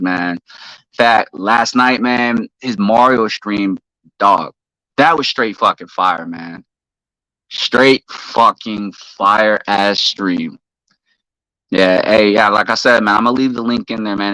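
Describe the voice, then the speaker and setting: A man hosting a live stream, ranting heatedly and profanely while shouting out viewers in the chat. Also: lowish voice, fairly even intonation, a little slow, no echo, low-quality recording.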